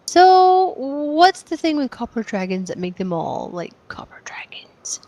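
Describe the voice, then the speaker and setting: A woman's voice: on the high side, very animated, moderate pace, dry recording, muffled recording. A woman voicing a sly young female adventurer who teases a dragon with half-whispered questions. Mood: teasing.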